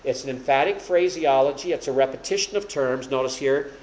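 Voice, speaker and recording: Speaking in a voice on the high side with lively intonation, a preacher walks a small group through an expository Bible lesson at a moderate pace. He explains plainly and lifts his voice for scripture. The low-quality audio is echoey.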